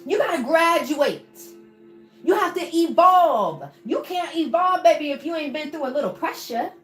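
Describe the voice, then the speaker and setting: A woman preaches encouragement on a livestream, her high voice leaping up and down as she coaxes viewers and calls them baby. She sounds roomy and echoing, with faint music running behind her. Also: expressive, normal speed. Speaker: motivational coach on a livestream. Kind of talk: live-streamed motivational talk.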